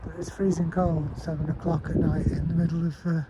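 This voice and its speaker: Heavy wind buffets the mic as a man vlogs outdoors in a park at night, looking for the paranormal. His voice is slightly high and flat, his pace fairly quick, and he rambles, swears and laughs often.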